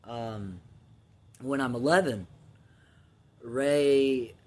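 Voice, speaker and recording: A man's voice: mid-range voice, drawn-out words. A man in his thirties casually telling his own life story, candid and profane, with restarts and filler ums. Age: 30s.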